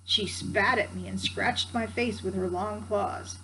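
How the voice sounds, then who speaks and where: A woman's voice: medium pitch, steady tone, unhurried, bright, forceful tone, rough recording. A woman voicing a terrified male robber in a storybook, telling in a rattled way, recorded at home with background hiss. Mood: panicked.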